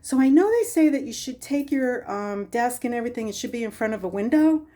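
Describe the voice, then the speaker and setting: A woman's voice: a little high, lively intonation, brisk, warm tone. Breathless retired woman touring her craft room. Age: older. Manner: chatty, meandering, with many ums. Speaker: craft vlogger. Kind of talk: casual room tour. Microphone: phone held in hand.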